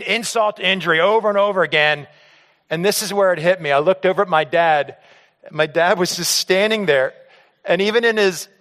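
A man telling a personal story to an audience on stage in an animated way, acting out scenes and often stammering and repeating words. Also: a little high. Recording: long hall reverb.

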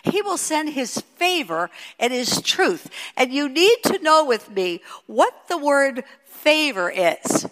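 An older woman preaching a Bible lesson in a slow, unhurried delivery. Her fairly high voice swings widely, climbing to emphatic peaks and dropping to near-whispered asides. The sound carries a long reverb like a large hall. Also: very animated, a bit bright. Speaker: Bible teacher. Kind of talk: sermon.

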